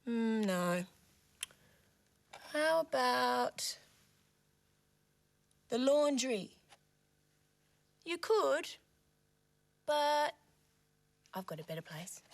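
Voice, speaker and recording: A woman presenting a children's TV show, playing gently with toy animals and asking the young viewers questions. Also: high-pitched, very animated, drawn-out words, vocal fry, long pauses.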